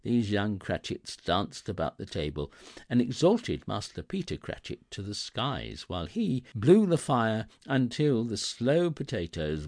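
A man giving an expressive, theatrical reading of a classic novel as narrator. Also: fairly low pitch, dry recording, studio quality.

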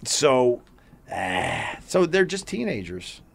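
A middle-aged man in a loose, profane podcast chat, speaking at an ordinary pitch. He tells family stories and breaks into loud bursts of laughter. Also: big pitch swings, slow, vocal fry. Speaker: podcast co-host. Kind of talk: casual chat.

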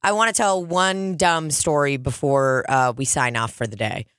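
Woman, lower voice, dry close sound, casual podcast chat, swears a lot, animated storytelling. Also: normal speed, clear, resonant tone, no room sound. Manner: animated, swears freely, mimics people in high excited voices. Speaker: podcast co-host.

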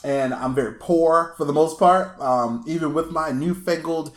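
A man hosting a casual chat, telling a long story with lively asides and laughs, recorded in his apartment. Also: on the high side, moderate pace. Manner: animated storyteller, acts out voices, laughs often. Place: small apartment room. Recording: echoey room.

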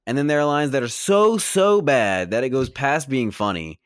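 A man co-hosting a casual movie review podcast, animated and profane, yelling now and then. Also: medium pitch, normal speed, clean tone, dry recording, studio quality. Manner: animated, swears a lot, yells in excited bursts. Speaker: podcast co-host.

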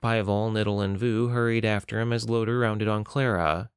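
A man narrating a novel in a measured, even storytelling voice on a close mic. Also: lowish voice, clean tone, dry recording. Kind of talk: scripted audiobook narration.

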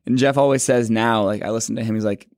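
Over soft background music, a twenty-year-old man with a fairly low, steady, slightly mellow voice shares his faith testimony; the studio-quality recording has no echo. It's casual personal storytelling, rambling and full of "like," with quick self-corrections.

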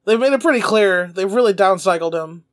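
A man with a high, light voice co-hosts a casual podcast chat. He rambles with lots of fillers and restarts and laughs often as he talks. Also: animated, a little fast. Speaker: podcast co-host.

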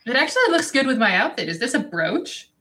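A woman's voice: fairly high pitch, very animated, a little fast, a bit bright. A woman voicing a breezy, matter-of-fact young adventurer.

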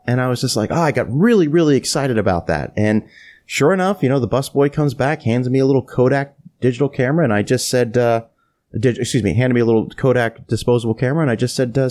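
Animated male podcast host telling a story. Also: mid-range voice, fast talker. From Florida. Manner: animated anecdote-telling, acts out quoted lines. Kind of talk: casual storytelling.

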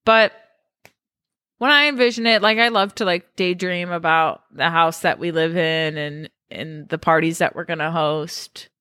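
A woman's voice: lowish voice, a little slow, sharp tone, clean tone, no echo. A woman co-hosting a podcast in casual chat, rambling with lots of "like" fillers. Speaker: podcast co-host.

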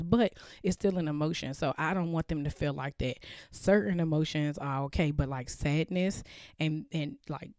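Soft-spoken woman with a gravelly voice. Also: on the low side, no room sound, studio quality. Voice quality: slightly crackly, gravelly voice. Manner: open, earnest, filler-heavy, talks quietly to avoid waking others. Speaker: podcast host. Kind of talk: casual chat to listeners. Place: child's bedroom at home.

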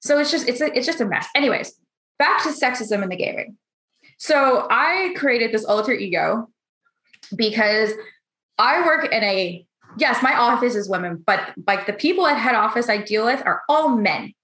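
A blunt, candid, hungover woman talks casually as a roundtable guest, swearing freely and acting out other people's lines in quoted voices. Her voice is on the high side and fairly bright, with lively intonation and normal speed, and the room gives a noticeable echo.

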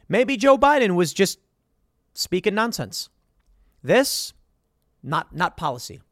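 A man's voice: a little high, no echo, studio quality. A man hosting a political commentary show, reading headlines aloud and mocking them with sarcastic emphasis.

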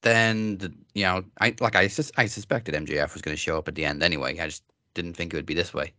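A man with a low voice talks in a loose, rambling way, stopping and restarting often. He is recorded close and dry. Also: quick pace, pushed and bright, no room sound. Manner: rambling, many fillers and restarts. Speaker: podcast co-host. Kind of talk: casual wrestling chat.

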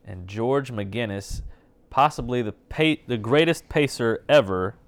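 A man co-hosting a sports podcast, joking with deadpan asides. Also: mid-range voice, unhurried, clear, resonant tone. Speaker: podcast co-host. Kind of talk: casual chat.

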